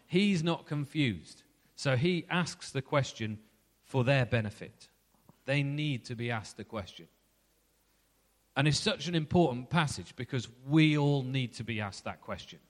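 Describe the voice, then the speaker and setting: A man's voice: mid-range voice, lively intonation, normal speed, long reverb tail. A middle-aged man preaching a sermon in a conversational way, asking reflective questions.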